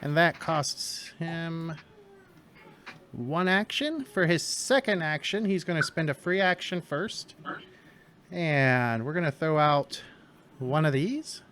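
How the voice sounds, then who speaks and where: A man's voice: on the high side, lively intonation, slow, a bit bright, a little hiss or hum. A man playing a tabletop game at home, talking through his character's turn step by step. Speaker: player. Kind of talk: casual tabletop game play.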